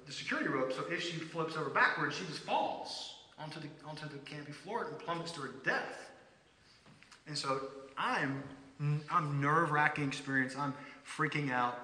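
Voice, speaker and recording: A man from the United States preaching a sermon, telling a story in a conversational, animated way with frequent restarts. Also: fairly high pitch. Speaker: pastor. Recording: roomy hall with long reverb.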